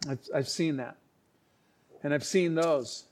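Earnest halting preacher man, slightly high voice. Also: a little mellow. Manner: earnest, halting, with many restarts and acted-out quotes. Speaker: pastor. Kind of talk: sermon storytelling.

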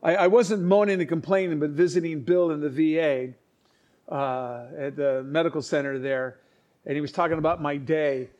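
A man preaching, telling stories in an earnest, halting way with many restarts and acted-out quotes. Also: a little high, steady tone, a little mellow. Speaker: pastor. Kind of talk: sermon storytelling.

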